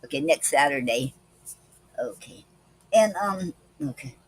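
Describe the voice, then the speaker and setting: Reading slowly and carefully, with many "okay"s between segments, a woman runs a poetry club live stream covering poems, a poetic form, and a word of the day. Her voice rumbles low, animated and slightly rough, and the audio is poor.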